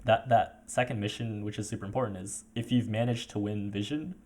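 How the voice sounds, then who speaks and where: A man's voice: lowish voice, steady tone, brisk, darkish tone. A man coaching a player over a voice call, talking casually with many fillers and restarts.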